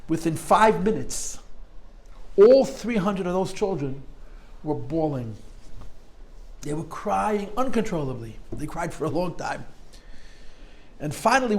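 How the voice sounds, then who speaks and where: A man teaching a Torah class, telling a story with lively, dramatic emotion and acting out the quotes. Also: high-pitched, rough recording. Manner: animated storyteller, acts out quotes with rising emotion.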